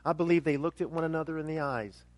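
A male pastor preaching with a noticeably high-pitched voice. He builds emphatic questions to a loud peak, then sinks into a quiet, intense delivery. The sound is dry and close, with no room echo. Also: fast talker. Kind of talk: sermon.

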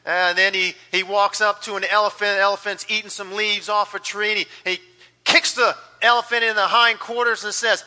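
High, bright-voiced pastor in an echoing hall. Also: male voice, little pitch movement, moderate pace. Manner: rambling, many fillers and restarts. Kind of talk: sermon with a told joke. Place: church sanctuary. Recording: long hall reverb.

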